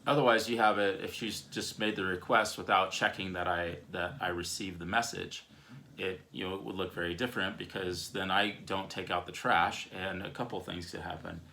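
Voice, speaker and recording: A man's voice: deep voice, fairly even intonation, moderate pace, vocal fry, sharp tone, a little hiss or hum. A man co-hosting a parenting video at home, explaining communication scenarios step by step in a casual teaching chat.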